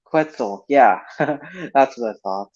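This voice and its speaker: Stream host: a chatty, animated man, lo-fi voice-chat sound. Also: medium pitch, slow, husky. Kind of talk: casual chat. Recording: lo-fi online voice chat.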